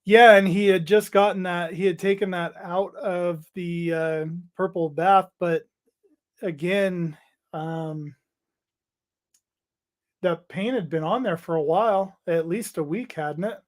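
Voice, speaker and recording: A man's voice: sits high, steady tone. A man hosting a casual hobby livestream, chatting loosely, reading out viewer comments and trailing off into restarts. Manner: rambling, halting, reads out chat messages. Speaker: livestream host.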